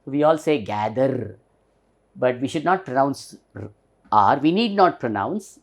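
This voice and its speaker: A man's voice: mid-range voice, big pitch swings, normal speed, gravelly. A man with an Indian English accent teaching pronunciation, patiently spelling words letter by letter and repeating them for emphasis. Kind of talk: recorded pronunciation lesson.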